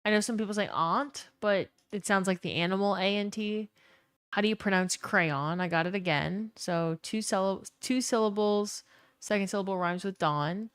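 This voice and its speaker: A woman's voice: medium pitch, normal speed, a bit bright, smooth, no echo, clean studio sound. A young woman from Louisiana with a New Orleans accent, chatting casually with her stream chat and swearing freely. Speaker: gaming streamer.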